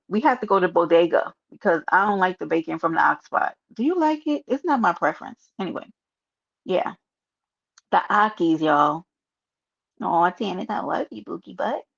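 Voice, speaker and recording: A woman's voice: fairly low pitch, vocal fry, breathy edge. A woman with a New York accent hosting a casual livestream, chatting sassily and reading her chat aloud. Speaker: livestream host. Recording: dull lo-fi stream audio.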